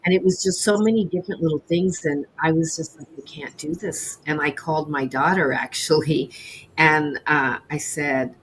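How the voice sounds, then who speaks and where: A middle-aged woman, a baker, telling her story as an interview guest in an earnest, reflective way with halting restarts. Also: sits low, steady tone, slight background noise, poor audio. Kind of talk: candid personal storytelling.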